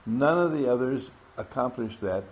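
A man running a workshop calls out names to the group and ribs them playfully while taking roll. His medium-pitched voice is expressive and moves at a normal speed.

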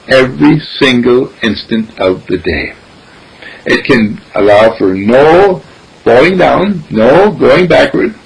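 Raspy, animated man teaching. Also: mid-range voice, rough recording. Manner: animated, repetitive, acts out dialogue. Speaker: spiritual teacher. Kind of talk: spiritual teaching talk.

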